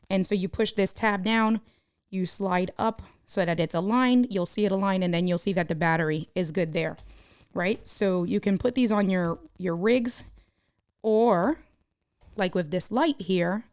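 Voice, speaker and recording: A woman live streamer talking casually to her viewers, walking them through her camera gear step by step and answering their comments as they come in. Her pitch sits in the middle for a woman. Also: a little mellow, smooth, dry recording, studio quality.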